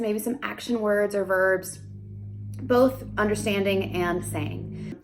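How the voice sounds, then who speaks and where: Here the young adult speech therapist again chats casually on camera, interrupting her explanation with high, sing-song questions of the kind used with toddlers.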